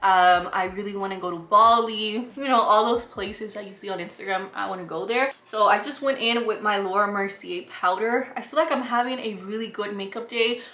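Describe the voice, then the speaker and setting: A woman's voice: mid-range voice, a little fast, few pauses. A young woman with a Spanish accent, a beauty vlogger chatting and telling stories during a get-ready-with-me Q&A, laughing easily. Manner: animated storytelling, laughing easily. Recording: roomy echo.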